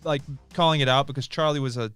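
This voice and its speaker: A man's voice: mid-range voice, fairly even intonation, quick pace, a bit bright, clean tone, faint music behind. A man co-hosting a casual live-stream podcast, explaining ideas with lots of restarts and fillers, recorded on a studio mic. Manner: chatty, explains with many restarts. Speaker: podcast co-host.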